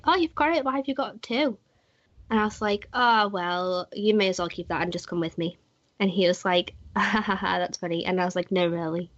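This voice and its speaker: A woman's voice: mid-range voice, fairly bright tone, no echo. A young woman, co-hosting a podcast and chatting, often acting out quoted dialogue. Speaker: podcast co-host. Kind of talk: casual chat, trip storytelling. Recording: dry, slightly muffled podcast audio.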